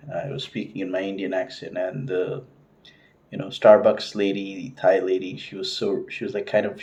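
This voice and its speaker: A man's voice: sits low, darkish tone, muffled recording. A middle-aged man talking casually to camera, rambling with lots of fillers and restarts. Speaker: vlogger.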